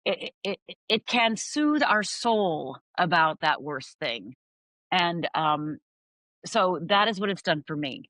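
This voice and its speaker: A middle-aged woman from Upper Michigan, appearing as an interview guest, tells her story in a slow, sing-song way, acting out the voices and making each moment vivid. Her fairly low voice sounds bright and sharp. The recording is dry, close-miked and rough, with no echo.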